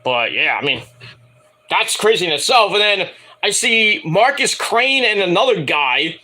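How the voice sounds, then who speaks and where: Man, wrestling reviewer, high lively voice, bright, swearing, rambling, jokey. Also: measured pace. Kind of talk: casual solo review commentary.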